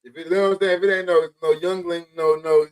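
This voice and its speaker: A man's voice: a little high, flat delivery, fast, smooth. A man, talking hunting in slangy, emphatic casual chat as a podcast co-host.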